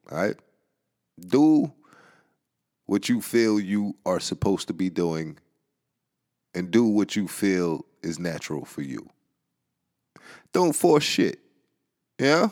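A man hosting a solo podcast, rambling casually with a Georgia accent, swearing and laughing often as he talks. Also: fairly low pitch. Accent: Southern US, Georgia. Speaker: podcast host.

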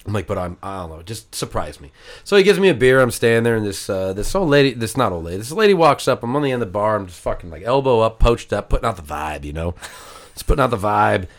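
A man telling a long story to friends on a casual chat show, swearing freely and jumping into high voices when quoting people. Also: fast talker. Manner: animated, profane, jumps into high voices for quoted people. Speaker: podcast regular telling a story.

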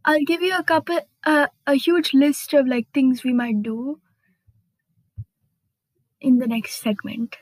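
A woman's voice: high-pitched, steady tone, unhurried, long pauses, no room sound, rough recording. A woman hosting her own podcast in a chatty, bubbly way, with frequent fillers and little laughs at herself. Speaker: podcast host. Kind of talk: casual solo podcast chat.

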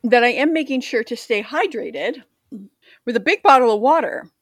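A woman's voice: a little high, expressive, moderate pace, no echo. A woman co-hosting a podcast in casual chat, rambling and self-deprecating. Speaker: podcast co-host.

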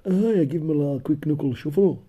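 A man's voice: on the high side, fast, warm tone, slightly rough. A man acting as a blunt comic sidekick, swearing freely and answering with dry one-liners. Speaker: co-host and sidekick. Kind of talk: profane comedic banter.

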